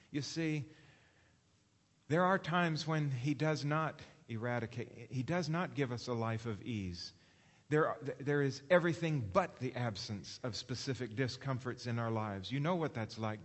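A man preaching a sermon in a space with a long, trailing reverb. He asks his listeners question after question and slows down whenever he reads scripture aloud. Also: medium pitch. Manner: preaching with rhetorical questions, slowing for read scripture. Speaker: pastor.

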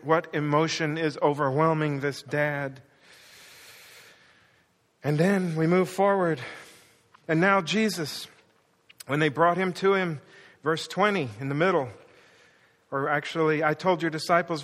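An impassioned male pastor delivers a sermon, dramatizing quoted words as his intensity rises. His voice is on the high side with a fairly bright tone, and long hall reverb surrounds it.

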